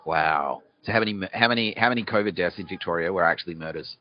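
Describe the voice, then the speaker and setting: Australian male podcast host, rambling comic monologue, answers his own questions, swears a lot, somewhat low voice, muffled lo-fi recording. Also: fast talker, few pauses. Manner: swearing, asks himself questions and answers them. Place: city street outdoors. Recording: dull lo-fi recording.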